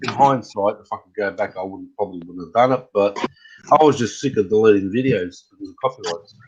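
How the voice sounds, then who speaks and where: A man's voice: fairly low pitch, fairly quick, breathy edge, dull audio. A middle-aged man chatting casually as a guest on a live stream, rambling and hesitant with many fillers. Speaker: guest RC hobbyist.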